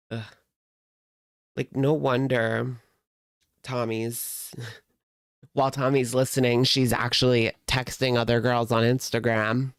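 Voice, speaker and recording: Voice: mid-range voice, clean tone, no echo, studio quality. A commentary host in casual chat, sarcastic and exasperated, reacting to clips.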